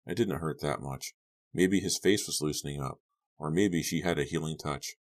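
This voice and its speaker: A man narrating a young adult horror audiobook in a steady, even storytelling voice. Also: rumbling low, normal speed.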